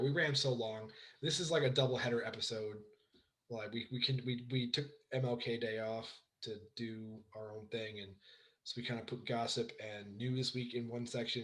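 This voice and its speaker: A young man co-hosting a casual sports podcast, hoarse and rambling with lots of fillers and restarts. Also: medium pitch, fairly even intonation, fairly quick, fairly bright tone, rough recording. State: hoarse from shouting. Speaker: podcast co-host.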